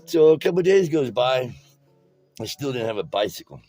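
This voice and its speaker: A man's voice: medium pitch, very animated, brisk, mellow, no echo, soft background music, poor audio. Guy doing a tie-dye how-to, keeps drifting into stories, casual street talk, restarts a lot. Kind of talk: storytelling while demonstrating a craft.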